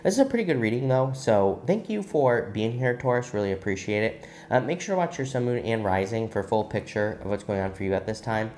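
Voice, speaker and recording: A man's voice: lowish voice, animated, a little fast, hardly any pauses, a little mellow, a little hiss or hum. A man reading tarot cards for his viewers in a musing, conversational way. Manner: conversational, musing, many "I feel" asides. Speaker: tarot reader.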